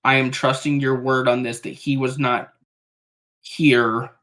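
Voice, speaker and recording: Guarded leader, slow and deliberate, voiced by a tabletop player. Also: mid-range voice, little pitch movement, a bit bright, close to an everyday voice. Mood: warning. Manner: measured, wary. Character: cautious guarded leader named Harlow.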